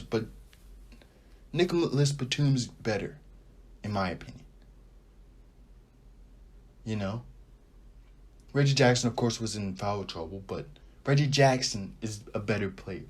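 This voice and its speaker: A man's voice: lowish voice, unhurried, pauses often, slightly rough. A young man hosting a casual sports podcast, giving opinionated takes and thinking aloud as he goes. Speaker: podcast host.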